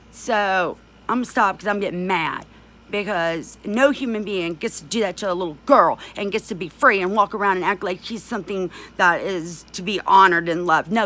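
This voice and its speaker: A woman's voice: fairly low pitch, a bit bright. A middle-aged woman speaking out in a vlog, talking in an angry, accusing and emphatic way. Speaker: abuse survivor speaking out. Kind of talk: direct-to-camera vlog rant.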